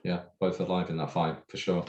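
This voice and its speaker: Low-voiced guy co-hosting a chat, lots of ums and restarts. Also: level tone, a little fast, a little mellow, lo-fi sound. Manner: hesitant, many restarts and fillers. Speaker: podcast co-host. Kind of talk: casual chat.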